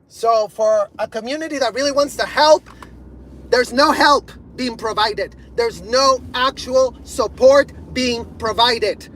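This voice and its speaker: Furious high-voiced man ranting. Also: takes it slowly, slight background noise, rough recording. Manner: furious, profane, repeating himself, bursts of shouting. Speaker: video creator. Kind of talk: angry rant to camera.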